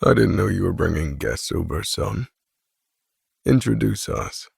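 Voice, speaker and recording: A menacing, wealthy father speaks in a flat, calm monotone, as a man reading a romance audiobook puts him on. His voice sits very low and is thick with gravel. The delivery is dry and close. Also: measured pace, no room sound, full character voice. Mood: cold, menacing. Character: cold, controlling older father, wealthy.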